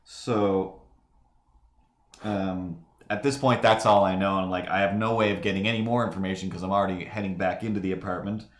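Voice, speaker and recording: A man's voice: low voice, steady tone, fairly quick, reverberant. Rambling man telling a story. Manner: rambling, lots of "like" and restarts; acts out the people in his story. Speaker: streamer telling a story while drawing. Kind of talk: casual anecdote. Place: home room during a live stream.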